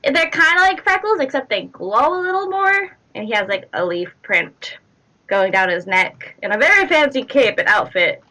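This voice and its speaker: Woman game master, bright voice, chatty narration, lots of fillers and giggles, tabletop game. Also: high voice, expressive, normal speed, low-quality recording.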